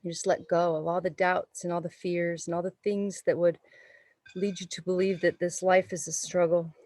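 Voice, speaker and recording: A woman yoga teacher giving slow, soothing, meditative guidance during a class in a studio. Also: fairly low pitch, flat delivery, darkish tone, no echo, rough recording. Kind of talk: guided yoga class instruction.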